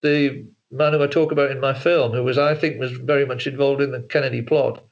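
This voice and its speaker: A male author and filmmaker talking as an interview guest over a video call, hesitant, with frequent repeated words and restarts. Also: fairly high pitch. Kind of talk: casual interview talk. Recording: dull lo-fi call audio.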